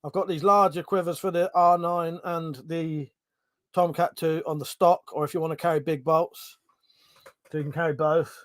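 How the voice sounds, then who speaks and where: A British man hosting a relaxed live stream, chatting with a sarcastic edge and swearing freely. His voice sits a bit high for a man, and the sound is close and dry. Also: normal speed, no room sound. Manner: reads out viewer comments. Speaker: livestream host. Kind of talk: casual live-stream chat.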